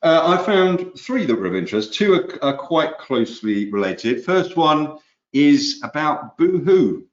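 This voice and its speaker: A British man co-hosting an online property show, calmly explaining the week's news. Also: a little high. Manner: measured, explanatory. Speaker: co-host. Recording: echoey dull room sound.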